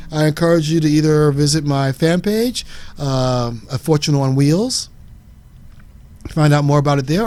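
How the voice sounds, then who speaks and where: A man hosting a psychic talk show, explaining ideas through lively acted-out stories and sometimes shouting names. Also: on the high side. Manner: animated storyteller, shouts names and acts out voices. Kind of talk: explaining a lesson with acted-out examples.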